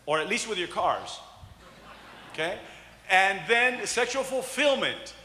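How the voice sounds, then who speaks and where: Male pastor, high bright voice, animated joking sermon, echoey church hall with long reverb. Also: a little slow, a little hiss or hum. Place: church sanctuary.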